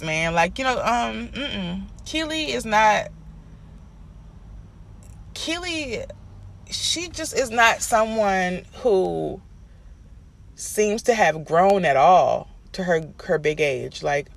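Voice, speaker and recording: A man's voice: high-pitched, expressive, takes it slowly, creaky, a bit bright. A man giving a casual, sassy recap rant of a TV episode, telling it in an exasperated, chatty way. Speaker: TV recap commentator.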